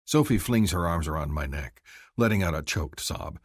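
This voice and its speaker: A man reads a fantasy romance in first person with a low voice and a husky grain. His delivery moves a lot in pitch, climbing high when he speaks for the heroine. The sound is dry and close to the mic. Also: expressive, moderate pace, no room sound. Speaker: audiobook narrator.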